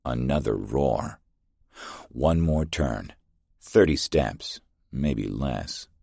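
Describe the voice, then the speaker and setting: A man narrating a first-person science fiction audiobook in a steady, terse way. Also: a bass voice, extremely slow, vocal fry, husky, no room sound, studio quality.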